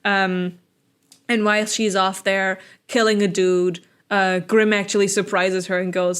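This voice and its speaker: A woman co-hosting a podcast, recapping a book plot in casual chat and quickly acting out the characters' lines. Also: medium pitch, clean tone. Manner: animated, acts out characters' lines in quick asides, laughs often. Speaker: podcast co-host.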